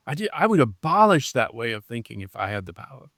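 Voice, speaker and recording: A man in his seventies speaks as a podcast guest with an earnest, animated delivery. He slows down hard on the phrases he wants to land. His mid-range voice is recorded close and dry, with no room sound. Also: medium pitch, dry recording. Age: 70s. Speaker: guest, leadership coach. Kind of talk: conversational interview.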